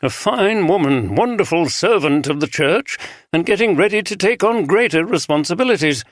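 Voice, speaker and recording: A man's voice: high-pitched, animated, moderate pace, no echo, clean studio sound, voice pushed up. A man voicing a portly, frank male bishop with a northern English accent. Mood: grave. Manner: frank, earnest.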